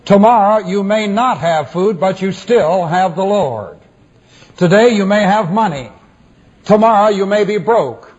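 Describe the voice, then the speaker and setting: A male preacher giving a sermon in a measured, emphatic way, repeating refrains for weight, on a dull lo-fi recording. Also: high-pitched, a little mellow, slightly rough.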